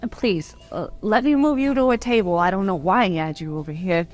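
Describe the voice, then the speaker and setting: A woman's voice: mid-range voice, brisk, a little mellow, soft background music, close to an everyday voice. A woman playing a firm restaurant manager who gives orders and scolds staff. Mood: apologetic. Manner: bossy, indignant.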